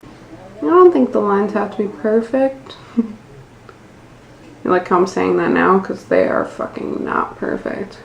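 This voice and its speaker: Self-mocking American woman with a gravelly voice. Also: medium pitch, animated, unhurried, pauses often, muffled recording. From United States. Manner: self-deprecating, swears casually. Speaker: nail art tutorial host. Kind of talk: casual how-to narration. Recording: echoey room, faint background noise.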